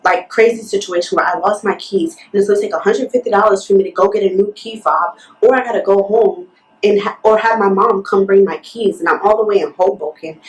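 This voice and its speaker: A woman's voice: medium pitch, fast talker. A young woman vlogger telling a storytime in an indignant, fired-up way, full of "like". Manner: fired-up, indignant, talks with lots of "like". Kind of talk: storytime retelling. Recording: roomy echo, mic at a distance.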